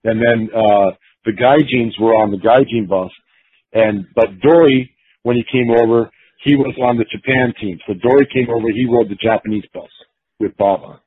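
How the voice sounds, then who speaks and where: A man's voice: medium pitch, moderate pace, husky, no room sound. A man who used to be a pro wrestler, telling stories in a rambling way, with lots of fillers and restarts. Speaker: former pro wrestler, guest. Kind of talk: casual storytelling interview. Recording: dry, phone-like narrowband sound.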